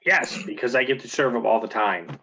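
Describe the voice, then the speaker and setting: A man's voice: medium pitch, expressive, brisk, gravelly, a bit bright. A man voicing a devoted gingerbread man servant who stammers and turns defensive. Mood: nervous. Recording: muffled lo-fi recording.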